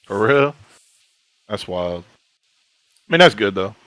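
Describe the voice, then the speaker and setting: A man's voice: on the low side, lively intonation, slow pace, a bit bright, dry recording, low-quality recording. A young man co-hosting a podcast in casual chat, reacting bluntly with slang. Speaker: podcast co-host.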